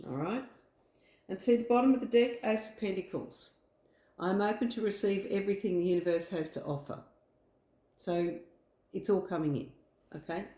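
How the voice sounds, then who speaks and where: The recording, roomy in character, features a woman's voice on the low side with a darkish tone. She has an Australian accent and rambles with fillers through a casual, reassuring tarot reading at home.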